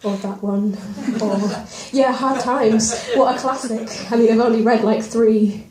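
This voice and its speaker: A young woman at an open mic performing a spoken word poem, with a self-deprecating, quick rhyming delivery and nervous asides. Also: a little high, fairly even intonation, a crowd in the background. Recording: roomy live venue recording.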